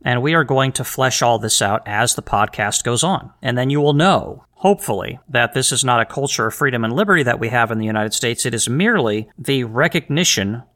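A man's voice: mid-range voice, animated, brisk, hardly any pauses, a bit bright. A man hosting a solo podcast, talking in an earnest, emphatic way with rhetorical questions and frequent restarts. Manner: repeats words and restarts phrases. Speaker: podcast host.

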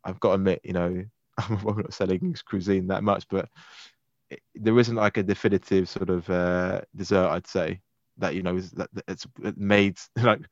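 A man's voice: low-pitched, flat delivery, normal speed, dry recording, lo-fi sound. A man from London in casual chat, laughing easily and talking with many fillers. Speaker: guest.

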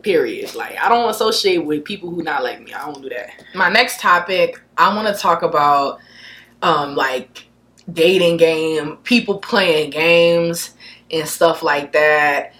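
A young woman hosting her own podcast, talking alone in a blunt, profane rant that jumps from loud outbursts to low mutters. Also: measured pace. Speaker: podcast host. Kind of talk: unscripted solo podcast rant.

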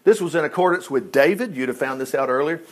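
A man preaching a Bible-teaching sermon in an animated, rambling way, with chatty asides and frequent exclamations of praise. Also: a little high, fast talker. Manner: animated, rambling, chatty asides while flipping through scripture.

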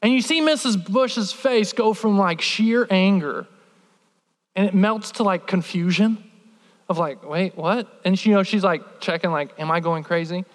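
A man preaching a sermon, telling a childhood story in an animated, humorous way with lots of filler words. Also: sits high, a little slow, long reverb tail. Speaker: pastor.

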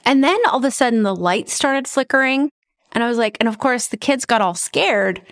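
Middle-aged woman podcaster, chatty and animated, a bit high-pitched, casual storytelling. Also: moderate pace. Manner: chatty, animated, says right and you guys. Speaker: podcast host and medium.

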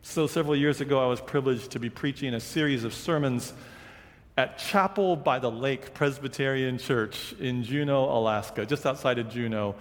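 A man preaching a sermon in a conversational, animated way, slowing down for quoted scripture. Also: mid-range voice. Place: large church sanctuary. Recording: long reverb of a big hall.

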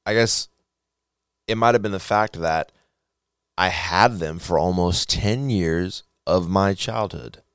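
A man's voice: low-pitched, slow, smooth, no echo, studio quality. A young man hosting his own podcast, talking casually about faith with joking asides and frequent restarts. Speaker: podcast host. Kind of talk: casual faith talk monologue.

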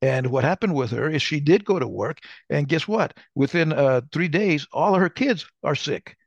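A man's voice: on the high side, lively intonation, moderate pace, dry recording, lo-fi sound. An older man chatting casually as co-host, telling rambling stories and often restarting his sentences. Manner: rambling, self-correcting storyteller. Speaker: podcast co-host. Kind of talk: casual conversation.

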